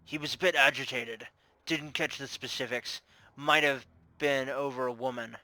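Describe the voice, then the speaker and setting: A man's voice: mid-range voice, steady tone, moderate pace, sharp tone, no room sound. Man playing a laconic young bouncer. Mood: plain. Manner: laconic, plainspoken. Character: young male bouncer, worldly and wise. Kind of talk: tabletop game character voice.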